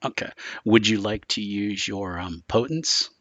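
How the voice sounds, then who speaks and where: A man's voice: on the low side, measured pace, fairly bright tone, no room sound. A man running a tabletop horror game as game master, describing scenes in a loose, rambling way full of filler words.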